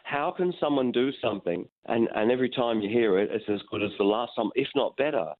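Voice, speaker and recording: A middle-aged musician telling frank, rambling stories in a phone interview, swearing freely. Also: male voice, medium pitch, fast talker. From Australia. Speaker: musician guest. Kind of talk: phone interview, candid storytelling. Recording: tinny phone line.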